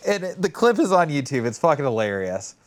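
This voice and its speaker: A man co-hosting a podcast in casual chat, telling stories in a rambling, animated way and acting out quotes with swearing. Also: on the high side, brisk. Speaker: podcast co-host.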